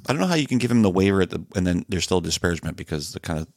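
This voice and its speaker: A man co-hosting a podcast in casual chat, reacting quickly and laughing along. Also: low voice, big pitch swings, darkish tone, dry recording, clean studio sound. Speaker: podcast co-host.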